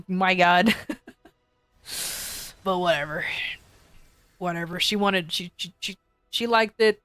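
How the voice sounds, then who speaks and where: A woman's voice: on the low side, slow, pauses often, a bit bright, no echo. Young female streamer, casual chat, loose rambling storyteller who swears and laughs, dry booth-like sound.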